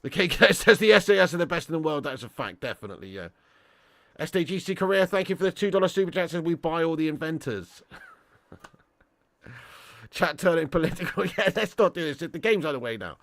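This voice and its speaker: A man with a fairly high, fairly bright and expressive voice, a fast talker with vocal fry, hosts a live football watch-along in studio-quality audio without echo. He reads viewers' super chats, bantering heavily, laughing often and making cheeky boasts for fun.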